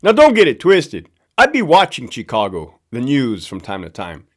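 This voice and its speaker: A man's voice: medium pitch, huge pitch swings, normal speed. A middle-aged man from Southern California, a former prison guard hosting his own show, ranting casually, profane and sarcastic and repeating himself for emphasis. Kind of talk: casual ranting monologue to camera.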